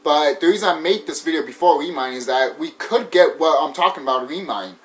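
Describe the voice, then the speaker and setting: A man's voice: on the high side, lively intonation, fairly quick, fairly bright tone, poor audio. A man wrapping up a gaming video, rambling casually with hesitations, fillers and restarts. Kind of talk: casual video outro talk.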